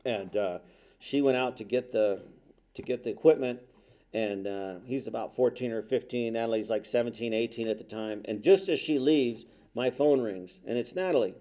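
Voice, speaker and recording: A man's voice: medium pitch, moderate pace, warm tone. A middle-aged man giving a talk, telling a personal story in a conversational, self-deprecating way with quoted dialogue. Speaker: speaker.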